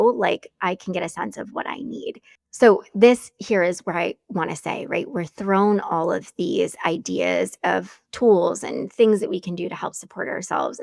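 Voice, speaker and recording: A woman's voice: mid-range voice, gravelly, darkish tone, no room sound, clean studio sound. A woman hosting her own podcast, talking candidly and reflectively in a casual, earnest way, often saying "like". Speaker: podcast host. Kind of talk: casual solo podcast talk.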